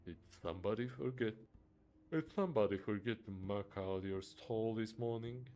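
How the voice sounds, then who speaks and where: A man voicing a surly, taunting male centaur bouncer in a game, loud and mocking. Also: lowish voice, normal speed, close to an everyday voice.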